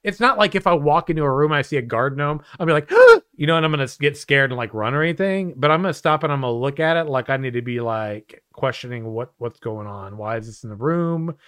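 A man hosting a loose chat, rambling and profane, his speech strung together with "like". His voice is smooth and resonant. It sounds dry and close to the mic. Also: medium pitch, lively intonation, quick pace, few pauses, a bit bright, no room sound. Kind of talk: casual chat.

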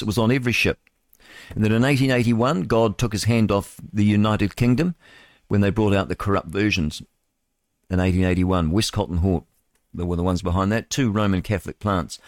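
A man's voice: lowish voice, brisk, no echo, studio quality. A man hosting live talk radio, reading the news and rambling about it with chuckles, mock voices and stumbles over the words. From New Zealand. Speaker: radio host.

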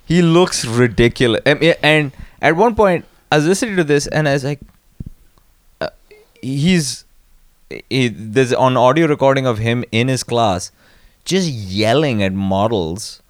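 A man's voice: mid-range voice, animated, a little slow, no room sound. A man co-hosting a comedy podcast, rambling through stories and laughing often. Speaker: podcast co-host. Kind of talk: casual comedic chat.

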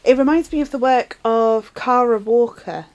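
A woman's voice: on the high side, highs cut off. Chatty woman discussing films. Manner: animated, chatty, quick asides. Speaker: podcast co-host. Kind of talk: casual film discussion.

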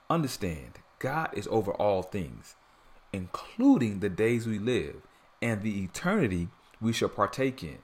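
A man with a somewhat low voice delivers a podcast sermon. He is earnest and steady, and he breaks into relaxed, conversational asides while leaning on repetition to drive points home. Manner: earnest preaching with casual asides and repeated phrases. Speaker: podcast preacher.

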